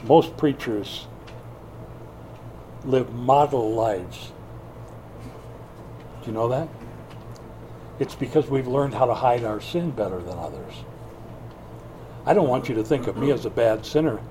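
An older man preaching a sermon in a church, swinging from loud bursts to hushed asides. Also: mid-range voice, expressive, a little slow, long pauses, slight background noise. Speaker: pastor.

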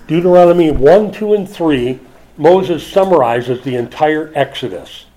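An older man preaching a sermon as a pastor, dropping soft for asides and rising high when he pleads. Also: expressive, a little slow, low-quality recording.

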